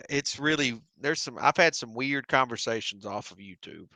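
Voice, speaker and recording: A man co-hosting a casual sports podcast, halting and repeating words as he starts his thoughts. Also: mid-range voice, pushed and bright, dry recording. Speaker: podcast co-host.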